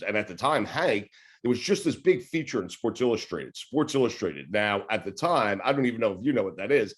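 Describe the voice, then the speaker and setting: A man in his forties with a New York accent tells stories in a loose, rambling way. His voice sits a little low, and he drops in the odd swear word and laugh. It sounds like casual podcast talk. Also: lively intonation, brisk. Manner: rambling, laid-back, swears and laughs while telling stories. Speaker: sports radio host, podcast guest. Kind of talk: casual interview storytelling.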